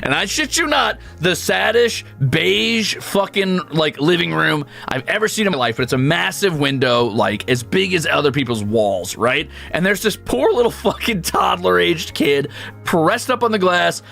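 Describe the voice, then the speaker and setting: A man's voice: high voice, animated, moderate pace, vocal fry, sharp tone, soft background music. A young adult man streaming, chatting casually and rambling through a profane story. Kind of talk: casual chat.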